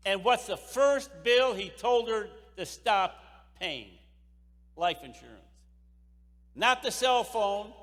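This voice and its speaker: A keynote speaker at a sales convention delivers an impassioned motivational speech, hammering points home by repeating phrases. His voice sits high and a bit bright, and echoey hall reverb fills the recording.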